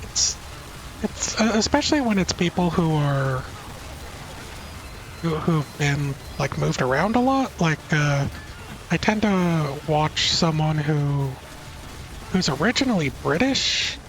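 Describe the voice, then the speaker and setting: A man's voice: fairly high pitch, animated, slow pace, long pauses, fairly bright tone, slight background noise, poor audio. A man from the northwest United States chatting casually while gaming, thoughtful and trailing off with fillers. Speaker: gamer on voice chat.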